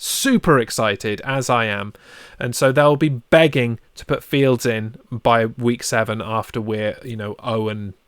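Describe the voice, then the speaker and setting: Brief: male podcast co-host, thirties, excitable sports talk, clean resonant voice. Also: medium pitch, measured pace, hardly any pauses, clear, resonant tone, no echo, clean studio sound. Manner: excitable, animated storytelling. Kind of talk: casual sports podcast chat.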